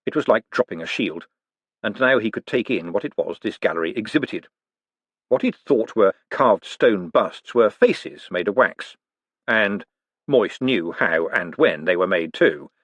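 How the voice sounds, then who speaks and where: A man narrating a novel in a measured storyteller's voice. His pitch rises and falls lively through each sentence. The recording is close and dry. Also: husky, dry recording. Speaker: audiobook narrator. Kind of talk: scripted narration.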